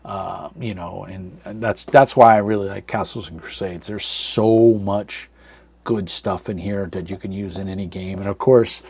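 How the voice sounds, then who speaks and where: Gravelly, husky-voiced man chatting casually. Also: low voice, steady tone, normal speed, a little mellow, no room sound. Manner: rambling, many fillers, reads chat aloud. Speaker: livestream host. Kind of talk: casual live chat. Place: dark room at home.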